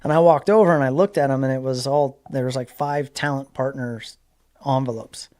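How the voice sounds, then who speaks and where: A man in his forties from Southern California, a guest in a casual interview, telling a story in an animated way. He fills his talk with likes and you-knows and acts out what people said. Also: medium pitch, a little fast.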